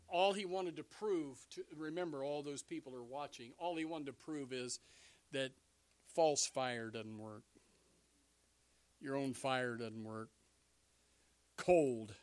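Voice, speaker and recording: A man with a mid-range voice preaches a sermon, animated and alternating between loud bursts and hushed asides. The recording has no echo.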